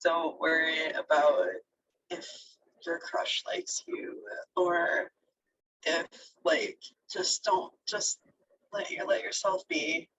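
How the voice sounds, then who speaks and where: A woman's voice: lowish voice, very animated, slow, vocal fry, distant mic, lo-fi sound, background noise. A young woman being interviewed, talking casually and emotionally, teary and laughing through it.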